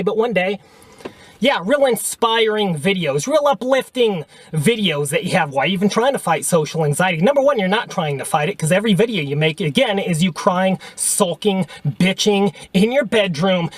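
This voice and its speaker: Man, high-pitched, dry close sound, combative mocking rant straight into a webcam. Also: no echo. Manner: combative, mocking, repeatedly says okay and pal. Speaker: vlogger. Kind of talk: ranting response video.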